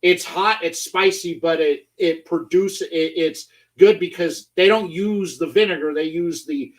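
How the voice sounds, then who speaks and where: A man's voice: fairly high pitch, a little slow. A male host telling playful stories in casual chat. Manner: chatty, playful storyteller. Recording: voice a bit far from the mic.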